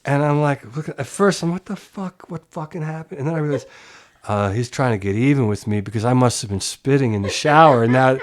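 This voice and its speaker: A middle-aged man from Pennsylvania, a guest musician, telling animated stories in a relaxed interview, swearing casually and laughing as he talks. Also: mid-range voice, a little fast. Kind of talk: relaxed storytelling.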